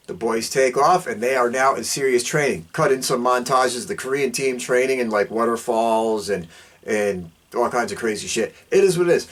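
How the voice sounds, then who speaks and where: A man hosting a podcast, recapping a film plot in a casual, rambling way and swinging his voice up and down as he talks. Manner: excitable, rambling, jumps up and down in pitch; fast, loose delivery with fillers. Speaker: podcast host reviewing a film.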